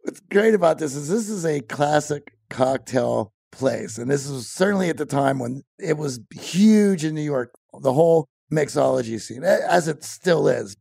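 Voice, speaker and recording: A man with a heavily gravelly, husky voice spins a tale for a podcast interview, slightly higher-pitched than most men. He tells it with animated energy and laughs along the way. The studio sound is dry and close. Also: normal speed, few pauses, no echo. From Pennsylvania, USA. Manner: animated storyteller, laughs often. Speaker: podcast co-host, guest. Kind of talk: storytelling interview.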